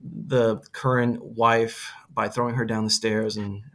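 A man's voice: on the low side, flat delivery, a little slow, fairly bright tone. A man co-hosting a podcast, chatting casually about movies in a rambling way, with many restarts and acted-out quotes. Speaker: podcast co-host. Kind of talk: casual chat.

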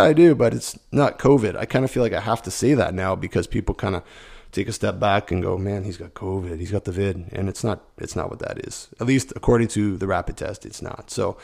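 A middle-aged man hosting a podcast, hoarse from a cold and sounding rough as he rambles casually. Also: mid-range voice, darkish tone. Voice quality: rough, gravelly. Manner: rambling, stream of consciousness. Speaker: podcast host. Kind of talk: casual solo podcast chat.

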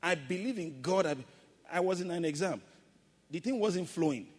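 Booming preacher in an echoing hall. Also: male voice, lively intonation, normal speed, slightly rough. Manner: preaching with call-and-response and playful acted asides. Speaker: pastor. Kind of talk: sermon.

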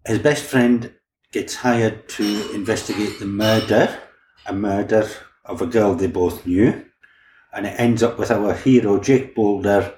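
A man's voice: fairly low pitch, steady tone, unhurried, darkish tone, slight background noise. A man, a crime novelist, chatting easily in a podcast interview and often restarting his words. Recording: roomy echo, faint background ambience.

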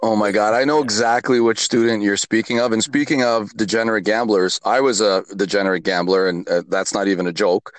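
A man's voice: lowish voice, steady tone, a little fast, hardly any pauses. A man, a teacher, talking candidly and plainly in casual chat.

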